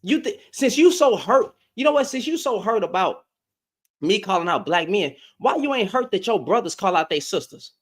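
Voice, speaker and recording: A heated man ranting to camera in a high voice that jumps around a lot. He fires off emphatic rhetorical questions in a casual, confrontational rant. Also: sing-song, normal speed, slightly rough. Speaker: online commentator.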